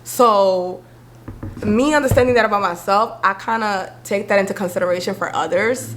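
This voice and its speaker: A young woman talks straight to camera, sassy and animated, her pitch in the middle of the range. She slips into quick put-on voices when quoting friends. A faint hum sits under the recording. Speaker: vlogger. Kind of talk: candid talk to camera.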